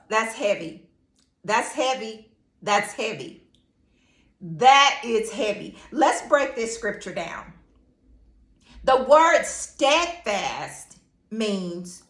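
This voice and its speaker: A woman's voice: mid-range voice, bright, forceful tone, reverberant. A woman teaching scripture in a devotional style, preacherly, repeating phrases and calling out to listeners. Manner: preacherly, repeats phrases, call-and-response asides. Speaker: teacher and online Bible devotional host.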